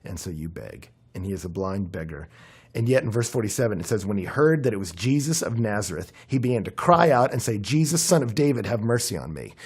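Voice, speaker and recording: A young man preaching a conversational sermon, his voice worn and hoarse, with frequent fillers and animated emphasis. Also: lowish voice, a little fast. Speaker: pastor.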